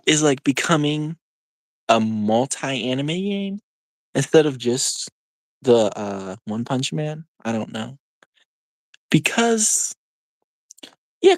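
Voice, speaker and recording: Young adult streamer, casual live chat, animated and rambling, dry room. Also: medium pitch, no room sound. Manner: rambling, full of "like" and quick laughs.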